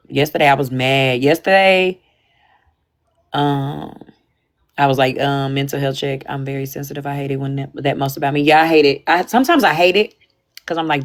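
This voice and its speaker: Young woman with a low voice just talking to her stream, candid and slangy, gets loud then goes quiet. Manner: candid, animated, slangy, jumps between loud bursts and quiet asides. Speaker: livestream host. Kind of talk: casual chat.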